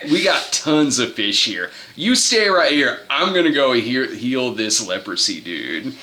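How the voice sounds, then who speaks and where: A man's voice: mid-range voice, very animated, a little slow, sharp tone, slight background noise. A man voicing a laid-back stoner hippie holy man, talking in a lazy surfer-dude drawl. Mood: mellow.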